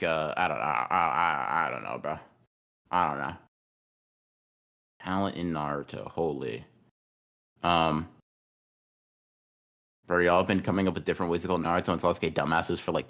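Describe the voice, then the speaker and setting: A man's voice: deep voice, a bit bright. Rambling, swearing man on a podcast. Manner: rambling, profane, repeats words. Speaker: podcast co-host. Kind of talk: casual livestream chat.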